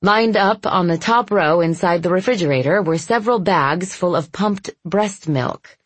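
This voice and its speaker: A woman narrating a first-person story in a soft, intimate, measured way. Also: fairly low pitch, no room sound. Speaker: audiobook narrator.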